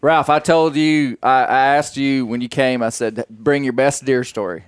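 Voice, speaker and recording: A man's voice: medium pitch, fairly even intonation, moderate pace, clear, resonant tone, dry recording. Southern man, podcast host, rambling folksy storyteller, dry close mic. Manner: folksy, rambling with fillers and restarts. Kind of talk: casual storytelling chat.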